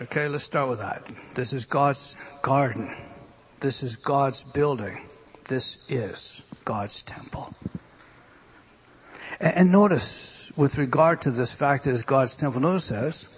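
A man preaching a sermon, moving between loud emphatic lines and hushed whispers. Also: mid-range voice, animated, normal speed, husky.

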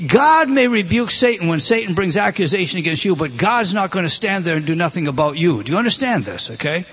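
A man's voice: high-pitched, fairly bright tone, slightly rough. A man preaching a sermon, talking straight to his congregation with frequent questions and emphatic rises and drops. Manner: rising and dropping emphatically, direct questions to the congregation.

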